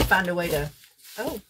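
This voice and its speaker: A woman's voice: lowish voice, heavy background noise. A woman craft vlogger chatting casually and ramblingly as she shows off her thrift finds, often correcting herself. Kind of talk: casual show-and-tell haul.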